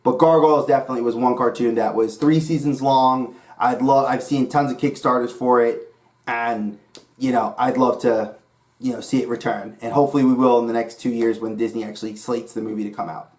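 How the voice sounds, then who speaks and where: A man from New York talks casually to camera as a channel host. His voice sits at a middling pitch, and his thoughts ramble from one tangent to the next with steady enthusiasm. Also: fairly quick. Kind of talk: casual vlog talk.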